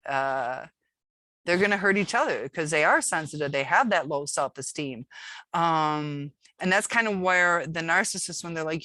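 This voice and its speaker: A woman hosting her own channel talks straight to her viewers in a loose, rambling way, full of ums and restarts. Her voice sits low. The recording is dry, with no room sound. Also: bright, forceful tone, dry recording. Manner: rambling, many fillers and restarts, candid. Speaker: channel host. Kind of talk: casual talk to camera.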